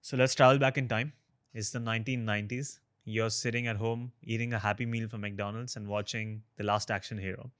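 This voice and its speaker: A man's voice: fairly low pitch, fairly even intonation, a little fast, fairly bright tone, dry recording, clean studio sound. A man hosting a podcast interview, casually leading the questions. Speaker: podcast host.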